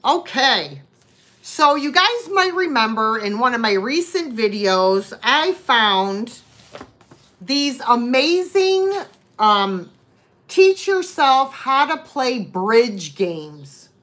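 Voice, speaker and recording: Hosting a live vintage sale online, this chatty woman calls out to viewers by name as she moves between pieces. Her high, swooping voice is very animated, bright, and forceful, though her pace is very slow.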